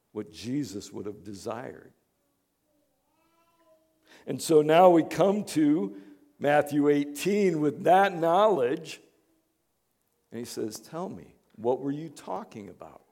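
A man pastor giving a conversational sermon, dropping to hushed asides and rising to emphatic points. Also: fairly high pitch, animated, slow, long pauses. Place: church in Chicago.

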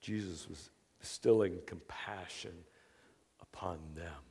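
A man preaching a sermon as earnest storytelling, moving between hushed, quiet passages and loud, excited bursts. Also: low voice, slow, creaky, breathy edge. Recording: long reverb of a hall.

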